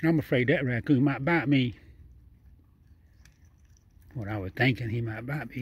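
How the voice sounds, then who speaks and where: A man's voice: mid-range voice, moderate pace, a little mellow, muffled recording. A man talking casually outdoors at night, coaxing a wild animal and rambling on with repeated phrases, chuckles and nonstandard speech. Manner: chatty and repetitive, coaxing and laughing, nonstandard speech. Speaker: vlogger feeding a wild raccoon. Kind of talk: casual running commentary to camera and animal.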